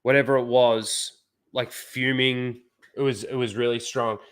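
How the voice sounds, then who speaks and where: A man's voice: mid-range voice, level tone, a little slow, a bit bright, smooth. A young Australian man, the show's host, telling a rambling, profane story in casual chat, full of fillers.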